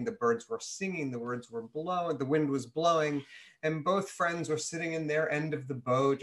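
A man leading a religious school service, telling a children's story in a friendly, animated way. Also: mid-range voice.

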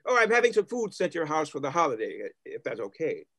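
Man as reformed old miser, heartfelt, wry, slightly high voice, dry sound. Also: sing-song, quick pace, a bit bright, dry recording, exaggerated voice. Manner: heartfelt, wry, self-deprecating. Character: reformed old male miser, now tender and repentant. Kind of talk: amateur online theatre.

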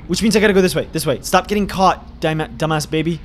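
A young man losing his voice, panicking, yelling and cursing while commentating on a horror game. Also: on the high side, fast, slight background noise, rough recording. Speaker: gaming let's play host.

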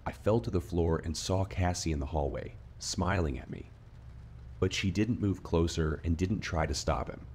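A man reading a scripted horror story in a steady, measured narrating voice. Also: sits low, slight background noise. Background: faint rain ambience.

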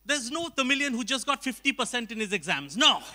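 Stand-up comic from Calcutta, a very bright, sharp voice, working the crowd with quick jabs. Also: male voice, very high voice, very animated. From Calcutta, India. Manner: teasing crowd work, quick jabs at the audience. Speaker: stand-up comedian at an awards ceremony. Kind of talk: stand-up comedy. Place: large auditorium stage.

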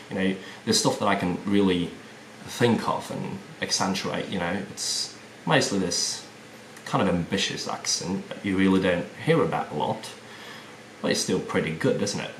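A man from Sweden, speaking with an American-leaning accent, rambles casually about accents and fills his talk with "you know.". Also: deep voice. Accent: Swedish-tinged American English. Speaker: vlogger. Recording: roomy echo, faint hiss.

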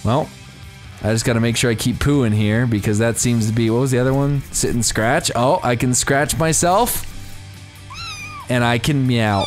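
A young man commenting on a game as he plays, giddy and breaking into high-pitched squeals of surprise. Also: moderate pace, soft background music. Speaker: gameplay commentator. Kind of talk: excited let's-play commentary.

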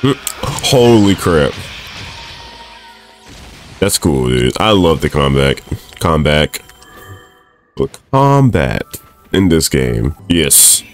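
A young man with a very low voice that still leaps around a lot as he reacts to his game. He talks fast and swears freely, sounding excitable and easily annoyed. Game music plays faintly behind him. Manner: excitable, swears and laughs often, talks to the screen. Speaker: gaming streamer. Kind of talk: let's play commentary.

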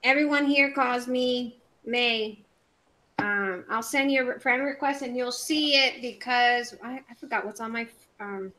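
Chatty higher-voiced woman from Puerto Rico. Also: pushed and bright, low-quality recording. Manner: chatty, rambling, talks to viewers by name. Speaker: craft channel host. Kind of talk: casual live craft chat.

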